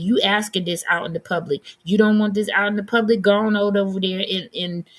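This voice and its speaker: A woman hosting a live stream, giving blunt, sassy commentary and answering her chat. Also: on the low side. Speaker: livestream host.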